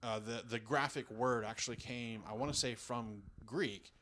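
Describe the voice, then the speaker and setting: A man's voice: medium pitch, fairly even intonation, normal speed, sharp tone, slight background noise. A man from the American South in casual podcast chat, rambling and self-mocking, often restarting his sentences. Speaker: podcast guest.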